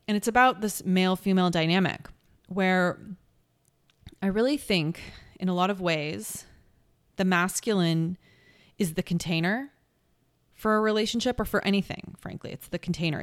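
A woman hosting her own podcast, talking through a personal reflection in an earnest, searching way, restarting thoughts and slowing to lean on key words. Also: on the low side, smooth, dry recording, studio quality. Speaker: podcast host. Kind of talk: reflective solo podcast talk.

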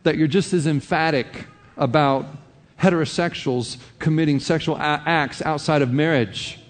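A man's voice: fairly high pitch, moderate pace, long reverb tail. A man preaching a sermon as a pastor, conversational, with frequent "you know" asides.

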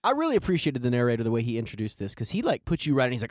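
A man from Louisiana co-hosting a podcast in casual chat, animated and joking, swearing freely. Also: medium pitch, very fast, dry recording, clean studio sound. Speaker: podcast co-host.

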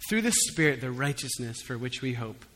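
A man preaching a sermon in a church hall, conversational with humorous asides, swinging between soft reflection and emphatic calls to the congregation. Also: mid-range voice, very animated, moderate pace. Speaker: pastor. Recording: long hall reverb.

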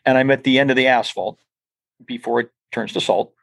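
A man's voice: mid-range voice, fairly quick, creaky, a bit bright, no room sound. An older man, a podcast guest, telling stories in a rambling, casual way full of restarts and asides. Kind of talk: casual storytelling interview.

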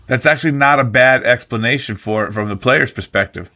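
A man's voice: mid-range voice, brisk, sharp tone. A man hosting a casual chat, asking questions and teasing his co-host in a dry way. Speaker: podcast host.

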